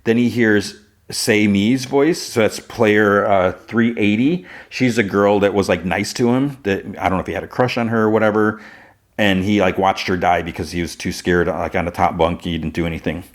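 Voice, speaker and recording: A man's voice: on the low side, steady tone, moderate pace. A man hosting a podcast, retelling a TV episode in casual talk full of "like" fillers. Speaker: podcast host.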